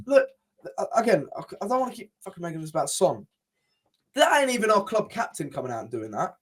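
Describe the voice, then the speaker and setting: A fairly high-voiced man, chatting about football as a podcast co-host. He rambles and swears, restarting his sentences as he gets worked up. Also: very animated, fast. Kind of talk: casual football chat.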